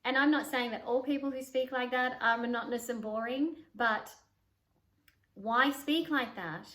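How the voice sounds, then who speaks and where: A woman voice coach with a fairly high voice teaches to camera. She demonstrates exercises by moving her voice up and down in pitch and volume. The sound carries a roomy echo. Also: steady tone, brisk, a bit bright. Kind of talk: instructional talk to camera.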